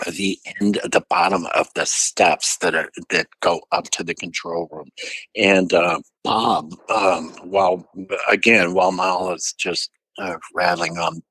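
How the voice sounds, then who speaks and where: An older man from St. Louis telling an animated story as a guest in an interview. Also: deep voice, slightly rough, dry recording, poor audio. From St. Louis, USA. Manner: animated anecdote-telling with quoted voices. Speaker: musician guest.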